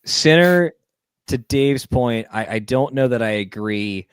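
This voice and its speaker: A man co-hosting a live tennis watchalong from home, reacting with jokes and emphatic, drawn-out remarks. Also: medium pitch, lively intonation, clear, resonant tone. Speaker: co-host. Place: home streaming setup.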